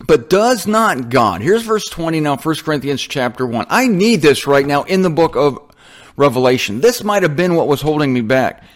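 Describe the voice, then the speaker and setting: A middle-aged man giving informal Bible teaching, animated and self-mocking, often wandering off on tangents. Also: on the high side, moderate pace.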